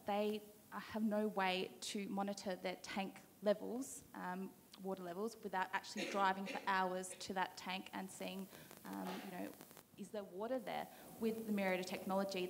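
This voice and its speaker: Woman on a conference panel, flat monotone delivery, ums, echoey hall, faint noise. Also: medium pitch, moderate pace, vocal fry. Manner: flat, steady, with many ums. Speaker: panel speaker.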